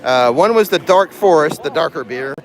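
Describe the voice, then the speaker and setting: A man's voice: on the high side, animated, moderate pace. A man hosting a casual livestream while walking through a theme park, joking and laughing at his own jokes. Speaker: livestream host. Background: music and crowd in the background.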